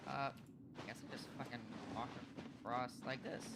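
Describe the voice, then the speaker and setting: A woman's voice: rumbling low, fairly even intonation, moderate pace, creaky, heavy background noise. A woman streaming a game, chatting casually with viewers, swearing freely and teasing them. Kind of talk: casual livestream chat while gaming.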